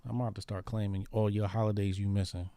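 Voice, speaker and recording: A man's voice: on the low side, little pitch movement, quick pace, a crowd in the background. A man hosting a casual talk show, speaking in an emphatic, provocative, slangy way. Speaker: host. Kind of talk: casual commentary chat.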